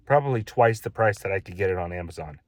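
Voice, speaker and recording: A man's voice: low-pitched, expressive, fast talker, dry recording. A man building his own house, telling a casual, exasperated story in a vlog and repeating his gripes.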